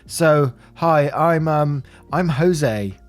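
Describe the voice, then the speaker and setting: A man's voice: on the high side, drawn-out words, soft background music. A man voicing a nervous, awkward young classmate who stammers and keeps apologizing. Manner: stuttery, hesitant, apologetic.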